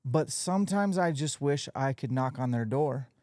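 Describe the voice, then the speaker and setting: A man in his forties hosts a podcast in an easygoing, candid manner with a joking edge. His voice sits in a middle pitch, and the recording is dry and close. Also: expressive, normal speed, darkish tone, no echo. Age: 40s. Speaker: podcast host. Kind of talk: casual podcast chat.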